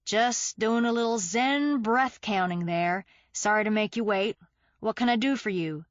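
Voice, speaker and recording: A woman's voice: mid-range voice, unhurried, no echo, muffled recording, close to an everyday voice. A woman voicing a laid-back young male street kid with a Texas accent and an easygoing drawl, as an audiobook character. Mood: friendly.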